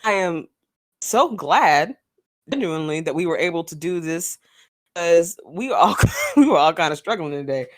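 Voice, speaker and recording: A woman's voice: on the low side, big pitch swings, moderate pace. A woman co-hosting a podcast, chatting casually and frankly with easy laughs. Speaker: podcast co-host.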